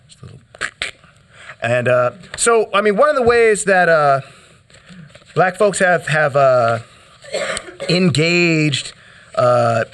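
A man giving a live poetry reading in a chanting, rhythmic delivery, stuttering over repeated words, dropping to hushes and breaking into sudden shouts. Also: a little high. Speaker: poet. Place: hall.

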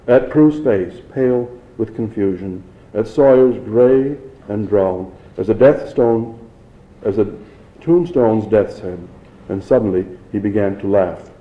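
Man reading a novel aloud, low voice, dull lo-fi recording, a few restarts. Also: slow pace, roomy sound. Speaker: reader.

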